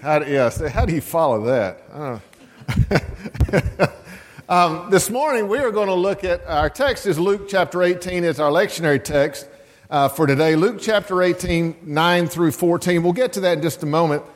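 A male pastor starts his sermon in a relaxed, conversational tone, his voice slightly high. The church's long reverb hangs on his words. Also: normal speed. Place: church sanctuary.

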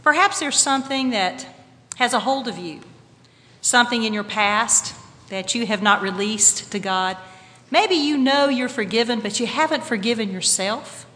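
A woman pastor preaches in a reflective tone, her voice bright and fairly high. Long church reverb carries it, with a faint hum of room noise. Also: expressive, moderate pace. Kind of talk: sermon. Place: church sanctuary.

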